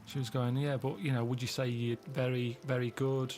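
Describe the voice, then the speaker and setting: A man's voice: medium pitch, little pitch movement, normal speed, darkish tone, faint music behind. A man chatting casually as co-host, telling rambling stories and acting out what people said. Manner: rambling anecdotes with acted-out quotes. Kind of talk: casual comedic chat.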